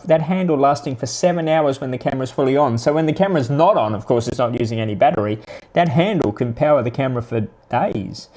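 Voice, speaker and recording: A man, hosting a live stream and chatting casually with viewers in a rambling, halting way. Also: medium pitch, a little mellow. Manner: rambling, halting, with many restarts. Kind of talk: casual chat answering viewers.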